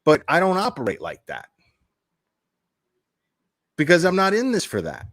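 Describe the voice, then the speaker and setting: Hot-headed male vlogger, casual profane rant, slightly high pitch. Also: huge pitch swings, normal speed, fairly bright tone. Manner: blunt, heated and profane, with laughing asides. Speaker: crime commentary YouTuber.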